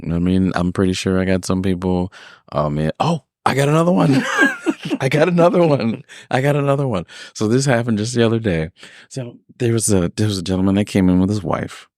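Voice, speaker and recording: Deep-voiced man telling work stories. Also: a little fast, no echo, clean studio sound. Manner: animated storyteller, acts out customers with big pitch jumps. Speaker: podcast host. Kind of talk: casual storytelling chat.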